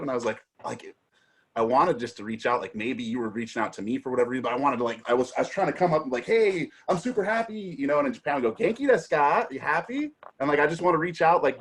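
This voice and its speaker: A man's voice: mid-range voice, rapid-fire, husky. A man chatting as a guest on a video call, effusive and affectionate, full of energy. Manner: effusive, warm-hearted, energetic. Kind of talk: casual video call chat.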